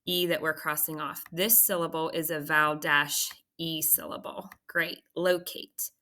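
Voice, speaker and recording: Woman teacher with a low, bright, forceful voice who explains patiently and checks in often. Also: fairly even intonation, measured pace, hardly any pauses. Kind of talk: recorded phonics lesson walkthrough.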